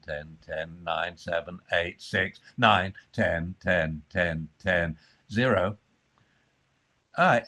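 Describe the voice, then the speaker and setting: A man explaining dog training in a conversation, acting out the voices he uses with dogs. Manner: acts out high fussy voices and low calm commands.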